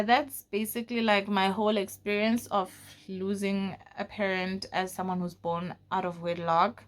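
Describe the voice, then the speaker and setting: A young woman from South Africa telling a personal story in a casual vlog, full of fillers and often dropping to a low, quiet voice. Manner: casual, frequent fillers like "like" and "you know". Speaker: vlogger.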